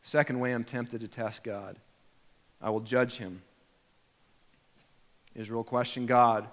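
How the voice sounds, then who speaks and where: A man delivering a sermon in a mid-pitched voice that carries a long reverb, as from a large hall. He is animated, often acting out imagined prayers with sudden jumps in pitch and loudness, then dropping back to a low, quiet tone. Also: a little slow. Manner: animated, acts out imagined prayers with sharp rises in pitch and volume. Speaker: pastor.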